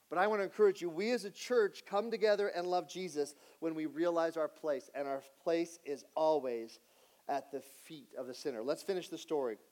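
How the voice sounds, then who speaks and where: A man pastor preaching a sermon in an earnest way, moving between lively asides and hushed emphasis. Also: a little high.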